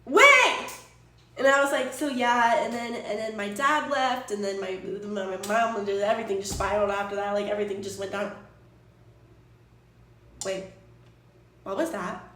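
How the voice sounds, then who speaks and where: A woman's voice: medium pitch, steady tone, moderate pace, pauses often, a bit bright, slight background noise. A woman streamer chatting casually, exasperated and rambling, swearing freely as she defends herself to her chat. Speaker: Twitch streamer. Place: apartment room. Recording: echoey room, distant from mic.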